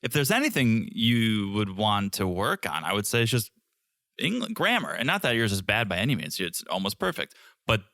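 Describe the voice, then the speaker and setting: A man's voice: on the low side, very animated, normal speed, sharp tone, no echo, clean studio sound. A man co-hosting a podcast, recapping scenes and teasing his co-host in a playful way. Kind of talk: casual chat.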